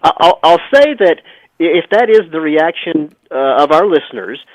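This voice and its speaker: A man's voice: fairly high pitch, expressive, moderate pace, no room sound. A man on a radio talk show telling a history story in an emphatic, sometimes sarcastic way. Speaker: radio guest. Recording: tinny phone line, dry.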